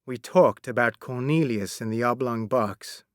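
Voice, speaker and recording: A man narrating a classic story as an audiobook, reading in a slow, simple, clear way. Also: medium pitch, no echo, studio quality.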